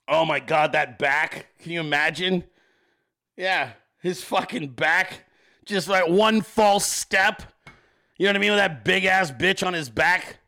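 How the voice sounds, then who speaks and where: A male host giving profane comedic political commentary, animated and often laughing. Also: high-pitched.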